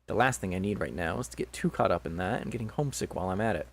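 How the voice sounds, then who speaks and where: A man's voice: low voice, animated, racing. A man casually reading a visual novel aloud and joking between lines, laughing often.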